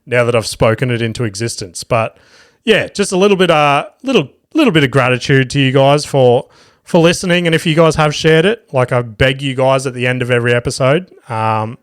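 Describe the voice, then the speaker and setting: A man's voice: medium pitch, brisk, smooth, no room sound, studio quality. A young man hosting a solo comedy podcast, rambling and sweary, telling stories with lots of restarts and self-mockery. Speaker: podcast host.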